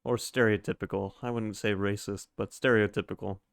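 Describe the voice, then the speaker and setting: A man's voice: lowish voice, fairly even intonation, brisk, creaky, no room sound. Wry, sarcastic male streamer. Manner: wry, sarcastic, swears freely. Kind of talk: casual reaction commentary.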